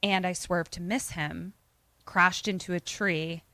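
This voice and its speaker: A woman voicing a grieving young widow, speaking in a quiet, confessional way. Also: on the low side, steady tone, measured pace, dry recording.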